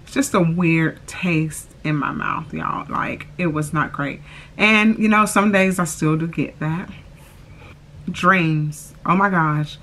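A woman's voice: deep voice, slow, a bit bright, a little hiss or hum. A young woman chatting casually to camera, drawling "y'all" and filling her talk with "like" and "oh my gosh". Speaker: vlogger.

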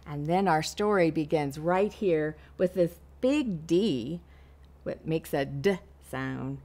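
Woman, librarian, storytime read-aloud, very lively pitch, slow, expressive. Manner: expressive, slow and deliberate, points out words to children. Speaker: children's librarian.

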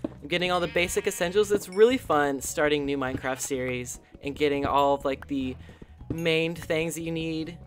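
Excitable gaming commentator, faint music. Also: mid-range voice, moderate pace. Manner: excitable, chatty, gasps and coos often. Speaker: host of a gaming channel. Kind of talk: casual gameplay commentary.

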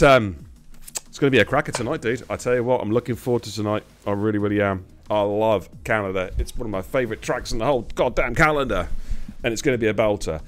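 A man hosting and calling a sim racing broadcast, excitable and quick to repeat himself when the action heats up. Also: fairly low pitch. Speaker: sim racing commentator and host. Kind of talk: live race commentary.

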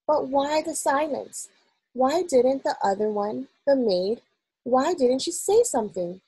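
Brief: woman narrator, husky storybook voice, expressive and measured. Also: mid-range voice, no room sound, low-quality recording. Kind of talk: reading a children's novel aloud.

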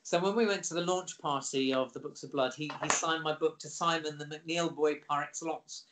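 A lively middle-aged man chatting as a guest, with a voice pitched a bit higher than most men's. He tells anecdotes in an animated, high-energy way. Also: brisk, noisy background. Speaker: actor guest. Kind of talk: casual interview anecdotes.

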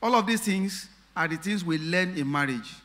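A man's voice: sits high, animated, moderate pace, a bit bright, in a large hall. A man preaching a sermon as pastor, emphatic, repeating phrases and asking the congregation rhetorical questions. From Nigeria.

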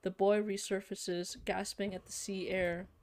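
A woman's voice: mid-range voice, little pitch movement, a little slow, darkish tone. A young woman playing a narrative game, reading its text aloud and reacting with shocked exclamations and casual fillers. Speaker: let's play streamer.

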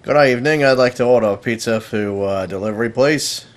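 A man playing a clumsy fake-Australian pizza caller, halting and overly polite, with many uhs. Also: medium pitch, natural voice.

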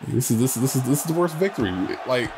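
A man's voice: mid-range voice, very fast, background noise. A man hosting a let's play, exasperated and swearing as he rants at the game while he plays. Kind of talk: gaming commentary.

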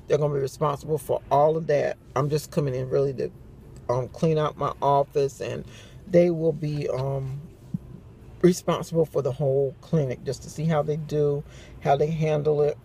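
A middle-aged woman talks to her phone in a relaxed, chatty way and laughs often as she tells stories. Her voice has a rough, gravelly edge. The steady hum of a car and the road comes through clearly behind her. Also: sits low. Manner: chatty storytelling with frequent laughs. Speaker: vlogger. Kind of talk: casual morning chat.

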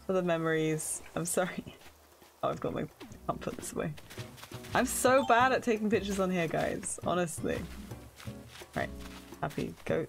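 A woman's voice: on the low side, normal speed, creaky, pauses often, faint music behind. A young woman casually chatting with viewers while playing a game on a live stream, often laughing, squealing and calling herself silly. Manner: excitable, squeals and laughs often, self-deprecating.

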